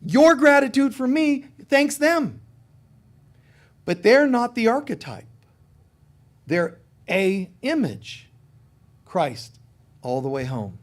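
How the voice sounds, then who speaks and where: A middle-aged man, a spiritual teacher, giving a conversational sermon, telling stories with lively acted-out quotes. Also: very high voice, takes it slowly, pauses often. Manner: animated storytelling, acting out quoted voices.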